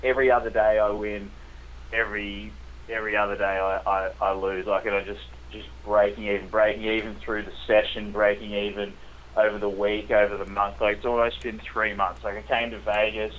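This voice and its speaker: A man's voice: fairly low pitch, little pitch movement, brisk, a little hiss or hum. Australian man on a dull lo-fi mic. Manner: chatty, hesitant, filler-heavy. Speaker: guest poker player. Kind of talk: casual chat.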